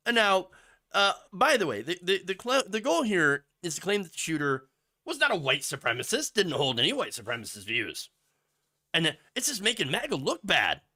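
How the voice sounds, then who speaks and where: A male commentary host with a mocking, sarcastic delivery. His voice is bright and fairly high. His pitch leaps around a lot. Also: sing-song, normal speed. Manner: mocking, sarcastic, with asides and laughs. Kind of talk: sarcastic commentary over news clips.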